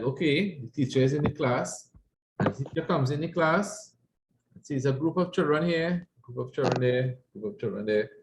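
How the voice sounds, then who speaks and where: A man's voice: mid-range voice, a little mellow, roomy sound, a little hiss or hum. A man teaching an Arabic class, patiently explaining grammar and checking in with his students. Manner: patient, repeats phrases, checks with "right?".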